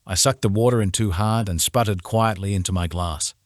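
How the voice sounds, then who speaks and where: A man narrating a romance audiobook in the first person, steady and measured. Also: on the low side, no room sound, studio quality.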